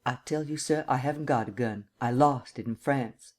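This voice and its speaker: Male reader as a stiff, guarded Southern officer, quiet and hesitant, average pitch. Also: moderate pace, close to an everyday voice. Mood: tense, guarded. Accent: American Southern. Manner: quiet, hesitant, clipped replies. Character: nervous army captain, tall stiff soldier.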